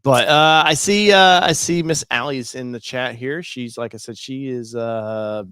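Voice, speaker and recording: A man's voice: mid-range voice, unhurried, a bit bright, clean tone, no echo, studio quality. A man hosting a casual live-stream chat, joking and teasing in a loose, rambling way. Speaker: show host.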